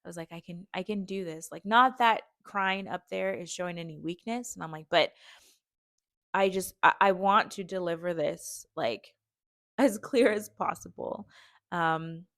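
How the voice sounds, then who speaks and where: A young woman talks through a personal story, heartfelt and meandering, full of little fillers and restarts. Her voice sits fairly low for a woman and sounds close and dry, with almost no room around it. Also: normal speed, a bit bright, no echo. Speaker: podcast host.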